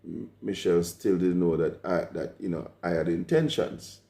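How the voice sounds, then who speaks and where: A Jamaican man in his forties speaks in a very deep, mellow voice. He talks in a measured, thoughtful way, and the recording has a noticeably echoey room sound. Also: vocal fry. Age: 40s. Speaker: vlog co-host. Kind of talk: casual conversation.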